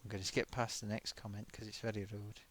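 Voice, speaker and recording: A man's voice: on the low side, level tone, fast talker, fairly bright tone. A man voicing a cheeky male sock puppet host, reading viewer comments in a chatty way full of oofs and sighs. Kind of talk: live-stream chat.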